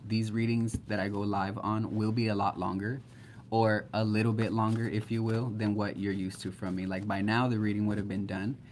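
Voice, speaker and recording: A man with a slightly low voice gives a loose live-stream tarot reading. He talks in a blunt, chatty way and swears freely. A faint hiss sits under his voice. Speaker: tarot reader.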